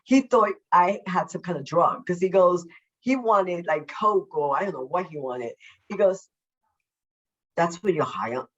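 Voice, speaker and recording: A woman, a self-love coach, talking as a podcast guest over a video call, effusive and emphatic, deliberately slowing down her naturally quick way of speaking. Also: lowish voice, expressive, highs cut off. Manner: deliberately slowing her usual fast speech. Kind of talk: casual podcast interview.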